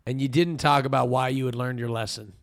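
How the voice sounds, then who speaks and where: A man's voice: mid-range voice, fairly even intonation, a little fast. A man co-hosting a livestream, reading viewer messages aloud and joking about them. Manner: playful, reads messages aloud. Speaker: co-host reading chat. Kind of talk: casual livestream chat.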